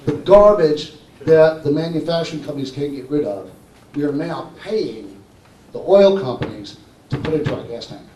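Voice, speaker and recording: A fairly high-voiced man speaks to a conference crowd with a warm, mellow tone and a persuasive pitch. He keeps checking in with the audience. The sound is roomy and distant, as if caught from across a hall. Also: expressive, moderate pace, slight background noise. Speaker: conference presenter. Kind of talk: live conference talk.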